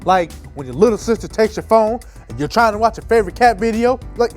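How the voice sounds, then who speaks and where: A woman playing an upbeat, playful presenter in a children's church lesson, talking in a lively, emphatic way. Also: mid-range voice, quick pace, faint music behind, natural voice. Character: upbeat kids' show presenter, energetic and playful.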